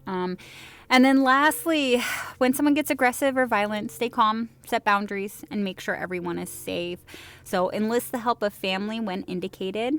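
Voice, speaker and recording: A woman teaching a recorded lecture in a casual, conversational way, often pausing with fillers and restarting her sentences. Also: medium pitch, a bit bright, clean tone.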